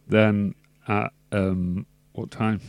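A man's voice: fairly low pitch, level tone, drawn-out words, vocal fry, no echo. A man, a radio DJ rambling through a laid-back sign-off with many fillers. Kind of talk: casual radio sign-off chat. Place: radio studio.

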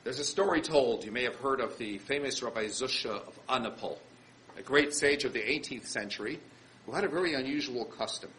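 A man, a rabbi, telling a story in an animated sermon style and acting out the quotes. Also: medium pitch, a little fast, a little hiss or hum, poor audio.

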